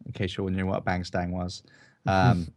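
A man who streams, chatting casually about games in a relaxed, rambling, joking way. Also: sits low, normal speed. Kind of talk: casual chat.

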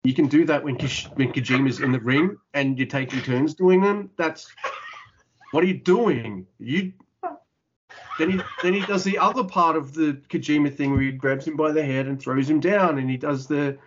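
A man's voice: fairly high pitch, moderate pace, dull audio, slight background noise. A man co-hosting a podcast, ranting in casual wrestling chat, exasperated and swearing a lot. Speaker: podcast co-host.

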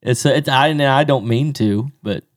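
Halting man chatting on a podcast. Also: medium pitch. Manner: halting, full of restarts and fillers. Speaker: podcast co-host. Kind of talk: casual chat.

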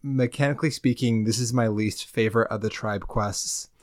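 A man's voice: fairly low pitch, fairly even intonation, moderate pace, dry recording. A man co-hosting a podcast, adding wry, dry commentary on a game's quests. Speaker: podcast co-host. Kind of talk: casual game recap chat.

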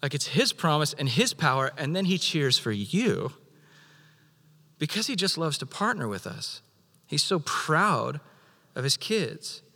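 A man preaching a sermon as pastor, animated, acting out God's voice in quoted lines. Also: a little high, unhurried, big-room sound.

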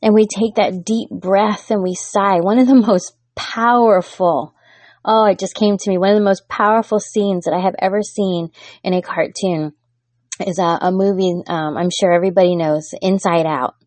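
A woman, a mother, giving a gentle, heartfelt devotional talk as host, growing fervent at times. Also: mid-range voice, fairly even intonation, normal speed, no room sound. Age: adult with daughters.

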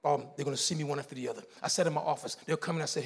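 Husky-voiced man preaching a story sermon. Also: on the high side, fast, few pauses, big-room sound. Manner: storytelling, quoting others in hushed tones, building to shouted exhortation. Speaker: pastor.

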